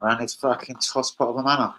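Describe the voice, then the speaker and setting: A man's voice: mid-range voice, flat delivery, quick pace, very noisy. A man hosting a casual fan live stream, crude and rowdy, joking with his chat. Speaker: fan channel host. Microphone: streaming setup.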